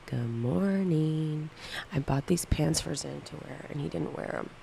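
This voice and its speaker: A woman's voice: low voice, flat delivery, brisk, gravelly, a little mellow, a little hiss or hum, low-quality recording. A woman in her thirties chatting casually on a livestream, candidly answering viewer questions one by one. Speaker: livestream co-host.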